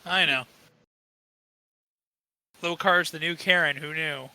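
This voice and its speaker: A man's voice: a little high, fairly even intonation, pushed and bright, clear, resonant tone, dry recording, poor audio. A man playing a tabletop game with friends, chatting casually in a playful, joking way. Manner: playful, joking, quick to laugh.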